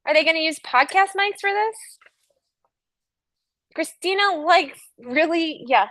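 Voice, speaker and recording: A woman with a very high, expressive, slightly bright voice hosts a casual studio livestream at an unhurried pace. She chats with live viewers, teases them and the crew, and laughs often.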